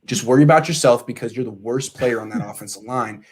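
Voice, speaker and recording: A male sports podcast host in casual chat, ranting in an animated, exasperated way. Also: mid-range voice, fast, breathy edge.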